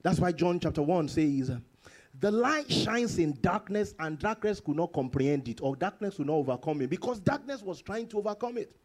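A man preaching a sermon with a high voice that leaps all over the place. He reads scripture slowly and emphatically, then swings from loud exclamations to hushed, drawn-out lines, as a pastor does in church. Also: lively intonation. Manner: slow, emphatic scripture reading.

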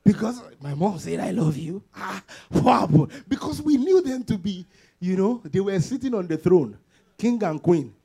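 A male pastor delivering a lively sermon, voice pitched high for a man. He swings up and down in pitch constantly, breaks into laughter often and acts out little dialogues. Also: normal speed, vocal fry, breathy edge.

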